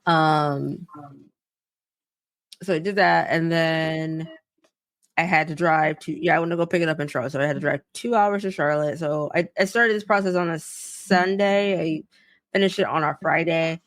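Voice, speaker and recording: Animated young woman telling a story. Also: low-pitched, normal speed, no echo, studio quality. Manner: animated, profane, acts out both sides of conversations. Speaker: podcast co-host. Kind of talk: casual storytelling chat.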